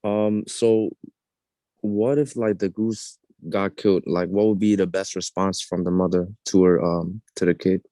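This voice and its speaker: A man in a support group on a video call, asking a question in a hesitant, halting way. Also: low voice, steady tone, dark tone, dry recording. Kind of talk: casual group discussion.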